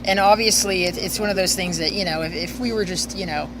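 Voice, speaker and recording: Excitable band member, low voice. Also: female voice, fast. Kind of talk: casual interview answers. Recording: noisy street background.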